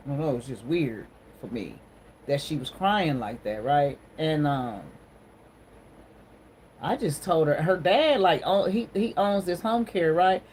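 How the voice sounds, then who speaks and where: Woman from Ohio, livestream host, low-leaning voice, encouraging, preachy, casual; faint room noise. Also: low-quality recording. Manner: warm, encouraging, sermon-like. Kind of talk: casual livestream chat with viewers.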